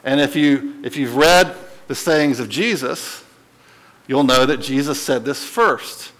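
A man's voice: mid-range voice, slow, poor audio. Casual man teaching Bible study. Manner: casual, checks in often with "right?" and "okay?"; animated, voice lifts when stressing a point.

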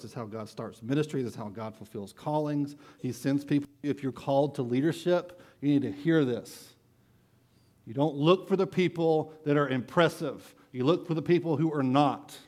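A man's voice: medium pitch, darkish tone. A man preaching a sermon, earnest and emphatic, repeating his key phrases for weight.

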